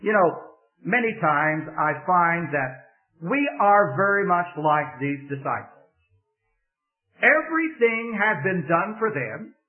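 A man's voice: high voice, big pitch swings, takes it slowly. A man preaching a sermon, telling a story earnestly and building to emphatic exhortation. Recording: tinny phone-like recording.

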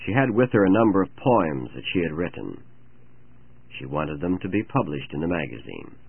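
A man's voice: low-pitched, normal speed, vocal fry, husky, dry recording. A man hosting a devotional radio program, telling a story and reading scripture in an earnest manner on a narrow-band old broadcast. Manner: earnest, storytelling, expressive intonation.

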